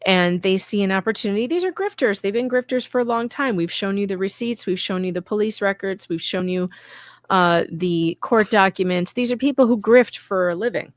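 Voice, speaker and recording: A woman's voice: medium pitch, fairly quick, no room sound. An emphatic woman speaks on a live stream, stacking short punchy statements with indignant conviction. Her voice sits in a mid range and sounds dry and close to the mic. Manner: emphatic, indignant, repetitive lists. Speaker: YouTube commentator, guest co-host. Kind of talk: casual live-stream chat.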